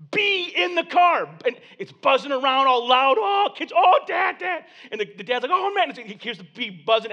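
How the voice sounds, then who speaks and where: A man from Flint, Michigan preaching a sermon, telling stories and acting out voices. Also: sits high. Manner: animated storytelling, acting out voices. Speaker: pastor.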